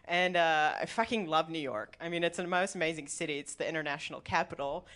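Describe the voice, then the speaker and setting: A woman's voice: low-pitched, fast, fairly bright tone. A woman in her thirties from the Midwest, telling a personal story to a live audience in a chatty, laughing way, full of "like" and swearing. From Milwaukee, Wisconsin, USA.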